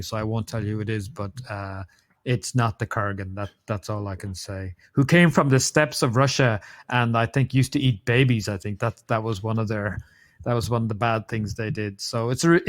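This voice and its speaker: An Irish man co-hosting a podcast, rambling through an amused story about a film with plenty of fillers. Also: mid-range voice. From Ireland. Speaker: podcast co-host. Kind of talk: casual chat about a film.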